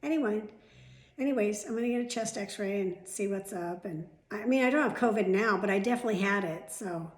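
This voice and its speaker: In an echoey room at home, a middle-aged woman vlogs to the camera in a casual, chatty way, drifting into rambling asides and the occasional swear word. Her voice sits in the mid range and moves briskly.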